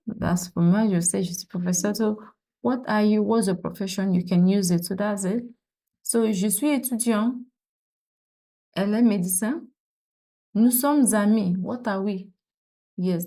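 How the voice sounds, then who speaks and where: A woman teaching French in an online lesson, with a mellow, warm voice at a middle pitch. She explains patiently and repeats each example sentence. When she stops to think, she uses fillers and restarts.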